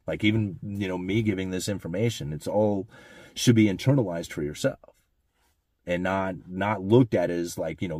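A man with a fairly low voice talks through his thoughts in a loose, rambling way. He keeps checking in with "right?" and "you know" as he goes. The sound is dry and close, with no room around it. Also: darkish tone, slightly rough, no room sound. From United States. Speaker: economics commentator. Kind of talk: casual monologue.

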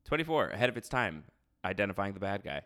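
A man's voice: lowish voice, big pitch swings, fast, fairly bright tone. A man hosting a podcast, chatting casually through a recap with lots of fillers. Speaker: podcast host.

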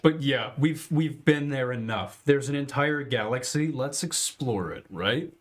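A man's voice: medium pitch, measured pace. Playful male podcast co-host. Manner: playful, goofy banter. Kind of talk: casual chat.

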